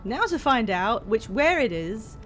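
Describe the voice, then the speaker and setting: Woman streamer, casual game commentary, fairly high-pitched, chatty and swearing. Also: very animated, a little slow, a bit bright, soft background music. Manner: chatty, swearing, laughing often, reacting to chat.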